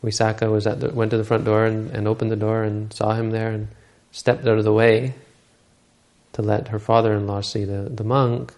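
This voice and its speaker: A man giving a dharma talk, retelling a Buddhist story in a halting way with many restarts and self-corrections. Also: on the low side, level tone, darkish tone.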